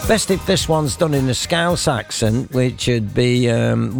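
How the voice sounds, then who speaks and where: A man's voice: medium pitch, expressive, a little slow, gravelly, faint music behind. A man hosting a chatty local breakfast radio show in a studio, joking and reading out listeners' messages. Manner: jokey, reads out listeners' messages. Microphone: studio microphone.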